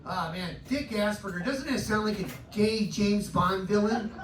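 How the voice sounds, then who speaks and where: On a live cabaret stage, a male stand-up comedian delivers a crude, self-deprecating set and plays to the crowd. His voice sits high and moves at a normal speed, heard in a noisy, roomy club recording made from a distance.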